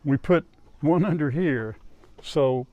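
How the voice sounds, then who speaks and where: A man's voice: a little high, takes it slowly, crowd noise, rough recording. An older man chatting casually outdoors on his farm, talking to his dogs and to the camera as he goes. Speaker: farm vlogger.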